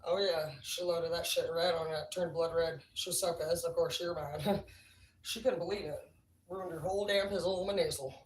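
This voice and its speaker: A woman's voice: fairly low pitch, fairly even intonation, normal speed, very noisy. A woman livestreaming, telling rambling stories in a casual, profane, laughing way. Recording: roomy, distant mic, faint ambience.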